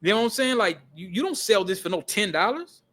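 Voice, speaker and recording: A man vlogging in animated, casual storytelling style, emphatic and slangy, often repeating himself and swearing. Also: high voice, quick pace. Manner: emphatic, profane, repetitive, slangy.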